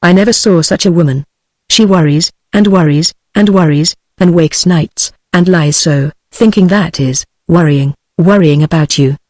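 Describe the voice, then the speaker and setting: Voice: medium pitch, normal speed, a little mellow, no room sound, lightly acted. A text-to-speech voice reading the lines of a bewildered, doting old peasant father, as a plain synthetic reading with no voice change. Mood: puzzled.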